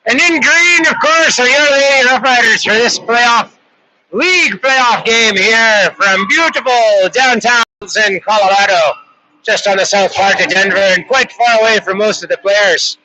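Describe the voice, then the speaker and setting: A man's voice: extremely high pitch, a little slow, bright, forceful tone, a little hiss or hum, low-quality recording. A middle-aged Canadian man calling a youth hockey game in a put-on Irish accent, chatty and playful with rambling asides. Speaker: hockey play-by-play announcer. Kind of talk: joking live game commentary.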